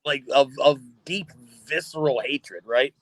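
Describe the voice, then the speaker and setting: A man, a guest on a podcast, tells a story in a casual, animated way, laughing often and swearing freely. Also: fairly high pitch, normal speed, dry recording. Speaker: podcast guest, pro wrestler. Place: podcast studio.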